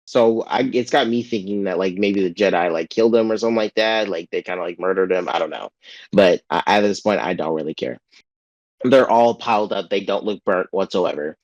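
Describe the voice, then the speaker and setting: A lower-pitched man talks loosely through a TV episode, stumbling over restarts and filling gaps with "like." He pops his voice up high whenever he quotes someone. The sound is dry and a little dull, as on a home podcast mic. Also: fairly quick, dry recording. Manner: rambling, full of "like" and restarts, acts out quotes in a raised voice. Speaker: podcast co-host. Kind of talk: casual chat recapping a TV episode.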